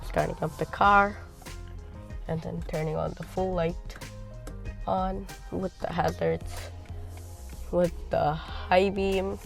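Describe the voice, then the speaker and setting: A woman's voice: on the low side, darkish tone. A woman reviewing a car on camera, casually pointing out its features as she walks around it. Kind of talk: walkaround car review vlog.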